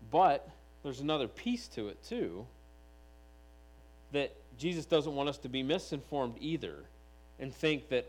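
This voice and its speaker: A man preaching a sermon, reading scripture aloud and voicing the figures of the text with animated delivery. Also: on the high side, poor audio. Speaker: pastor.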